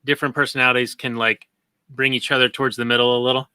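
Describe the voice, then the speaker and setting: Bright, smooth-voiced man, calm. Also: medium pitch, fast, no echo. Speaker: podcast co-host. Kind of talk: casual discussion.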